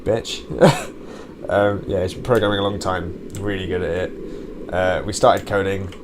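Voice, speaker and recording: A young man hosting his own gaming channel, rambling chattily while playing and shouting curses at the game. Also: low voice, little pitch movement, moderate pace, background noise. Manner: swears and yells at the game; chatty and rambling between outbursts. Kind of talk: gameplay commentary.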